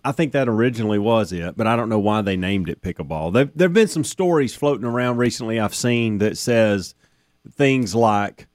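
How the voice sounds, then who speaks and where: A low-voiced male co-host who chats casually and stumbles, repeating words before he gets them out. The sound is dry and close, with no room echo. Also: lively intonation, moderate pace, darkish tone. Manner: hesitant, repeating his words. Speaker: radio show co-host. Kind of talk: casual studio banter.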